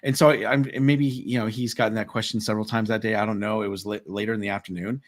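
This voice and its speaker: Male podcast co-host, lower register, conversational storyteller. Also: quick pace. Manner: animated retelling with quoted dialogue. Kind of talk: casual panel chat, storytelling.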